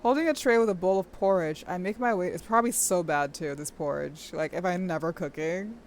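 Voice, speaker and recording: A young woman streaming, reading a game's story aloud and breaking off into gushing, excitable commentary with squeals and laughter. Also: fairly low pitch, a little fast, a little hiss or hum.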